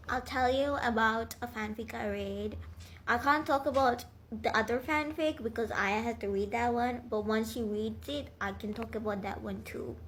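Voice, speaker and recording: A woman's voice: a little high, normal speed, a bit bright, slight background noise. A young woman rambling casually as she retells a story, with lots of fillers, swearing and laughter. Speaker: vlogger.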